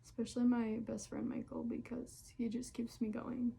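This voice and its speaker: A woman's voice: fairly high pitch, little pitch movement, normal speed, creaky, mellow, husky. A young woman answering questions in a casual solo vlog, chatty and candid with lots of fillers, sometimes dropping to a near whisper. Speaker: vlogger.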